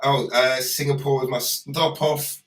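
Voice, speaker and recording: A man of middle pitch chatting casually, sitting back from the microphone in a room that echoes. He tells a story loosely and laughs a lot. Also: level tone, unhurried, a bit bright, recorded from a distance. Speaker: performer co-hosting a livestream. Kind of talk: casual chat.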